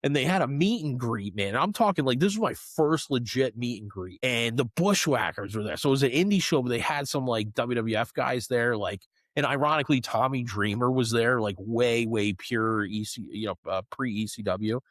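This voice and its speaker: A middle-aged man co-hosting a podcast, telling stories in an animated way and often saying "man" and "dude". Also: mid-range voice, normal speed, few pauses, no echo, studio quality. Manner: animated storyteller, swears, says "man" and "dude" a lot. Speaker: podcast co-host. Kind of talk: casual chat.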